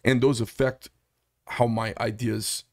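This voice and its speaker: A man hosting a casual interview, joking, self-deprecating and animated. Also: mid-range voice, takes it slowly, dry recording, clean studio sound. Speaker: host.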